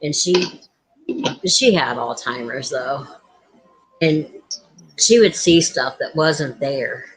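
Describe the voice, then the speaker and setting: A woman's voice: very deep voice, slow, pauses often, slightly rough, low-quality recording. A woman hosting a casual chat, telling family stories and acting out the voices of the people in them. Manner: animated, acts out quoted voices. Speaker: host.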